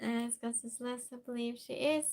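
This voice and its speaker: A woman's voice: fairly high pitch, fairly even intonation, moderate pace, a little mellow. A woman hosting a casual live stream, greeting viewers by name and reading their comments aloud during a true-or-false game.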